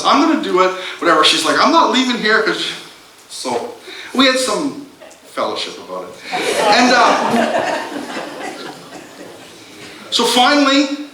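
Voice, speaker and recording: A pastor tells a self-mocking story from the pulpit in a bright, lively voice that swings high and low. He stumbles and restarts often as he jokes. His voice carries through an echoey church from a little way off the mic. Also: slight background noise. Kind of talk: sermon with a personal story. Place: church sanctuary. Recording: roomy church sound from a distance.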